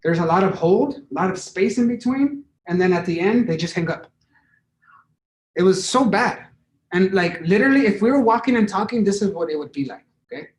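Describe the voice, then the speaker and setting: An energetic man with a high voice runs a hands-on sales training, checking in with his listeners as he goes. He sits well back from the mic, so his voice rings around a roomy space. Faint background noise sits under the talk. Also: brisk. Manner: energetic, demonstrative, keeps checking in with "right?". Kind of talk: interactive training session. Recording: roomy, echoey sound from far off the mic.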